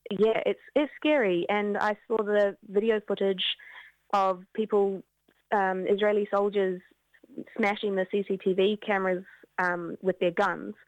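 A woman, giving an earnest, halting news interview as an activist, with many restarts. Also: mid-range voice, fairly even intonation, no room sound. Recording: dull lo-fi dry sound.

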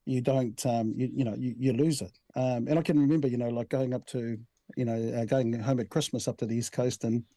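Mellow New Zealand man in his sixties. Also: medium pitch, fairly even intonation, a little fast, no echo. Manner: easygoing storyteller, frequent restarts, says "bro" and "right?". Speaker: head of a national language commission. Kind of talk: relaxed conversational interview.

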